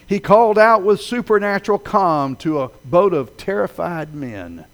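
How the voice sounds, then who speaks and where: Animated, dramatic male preacher. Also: moderate pace. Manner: dramatic storytelling delivery, swelling loud then dropping low. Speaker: pastor. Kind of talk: sermon.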